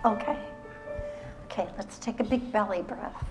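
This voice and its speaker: A woman fitness instructor leading a seated exercise routine on a live stage show. She gives short, calm, step-by-step cues and keeps encouraging the audience. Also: mid-range voice, normal speed. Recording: music playing under the voice. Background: background music.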